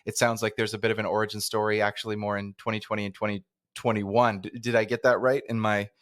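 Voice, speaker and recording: A man's voice: on the low side, level tone, fast talker, a bit bright, no echo, clean studio sound. A Canadian man hosting a podcast interview, chatting casually, rambling and restarting his sentences and laughing easily. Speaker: podcast host.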